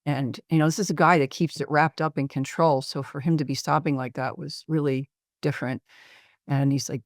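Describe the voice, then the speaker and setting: Gravelly middle-aged man, measured and reflective. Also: a little high, fairly even intonation, no room sound, studio quality. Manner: measured, reflective, often pauses with "um". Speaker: psychiatrist presenting a case. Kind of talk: case presentation in a webinar.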